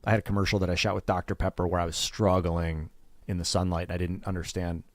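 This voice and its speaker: A man's voice: low-pitched, level tone, fast, no room sound. A man hosting a gaming stream, chatting casually and candidly, swearing freely and acting out what other people said. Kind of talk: casual rambling chat.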